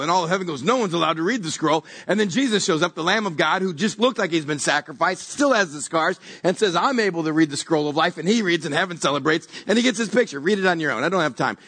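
Guy pastor with a high husky voice, chatty sermon, keeps going like like like. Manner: animated, repeats words while searching for images. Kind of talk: conversational sermon.

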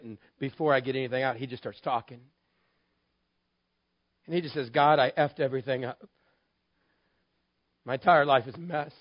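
A man's voice: medium pitch, no room sound. A man preaching a sermon as a pastor, telling a story in a candid, conversational way with wry humor. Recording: dull, lo-fi dry sound.

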